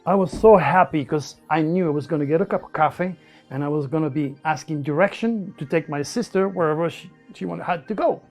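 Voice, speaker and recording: A man with a French accent telling his life story in broken English, animated and repeating words as he goes. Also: a little high, fairly quick, faint music behind. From France. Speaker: interviewee. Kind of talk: personal storytelling.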